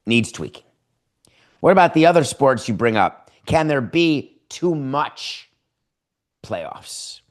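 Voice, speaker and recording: A man hosting a sports talk show, giving opinionated commentary. He lectures emphatically, stretches words to make a point, and fires off rhetorical questions and quick asides. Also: mid-range voice. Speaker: podcast host.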